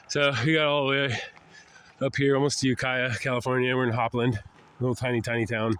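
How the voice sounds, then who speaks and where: An older man with a head cold and a nasal voice, rambling in a casual walking vlog outdoors, often sighing and clearing his throat. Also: mid-range voice, level tone, brisk, fairly bright tone. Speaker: traveling vlogger. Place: outdoors, walking along roads and a river valley.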